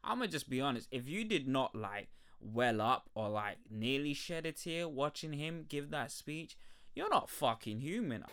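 A young man hosting a podcast, rambling through a casual review with profane, animated rants and frequent laughter. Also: medium pitch, measured pace, clean tone. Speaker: podcast host.

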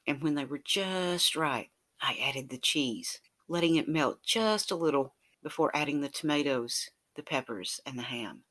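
A narrator telling a romantic second-person audio story in a soft, intimate way, often sliding into a breathy whisper. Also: mid-range voice, lively intonation, a little slow.

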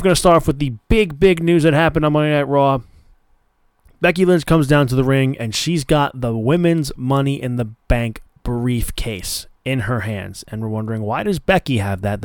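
A man's voice: medium pitch, moderate pace, no echo, studio quality. A man hosting a casual solo podcast, talking in a loose, chatty way with plenty of fillers and restarts. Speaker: podcast host.

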